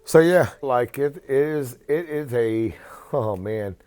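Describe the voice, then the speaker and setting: A man's voice: mid-range voice, expressive, slow, a little mellow, clean tone. A man giving casual, earnest advice in a rambling rant that often repeats and restarts phrases. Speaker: vlogger.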